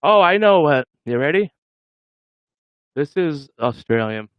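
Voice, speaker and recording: A man's voice: on the high side, sing-song, measured pace, no room sound, muffled recording. A man hosting a casual livestream, joking with viewers and laughing often. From Massachusetts. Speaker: livestream host.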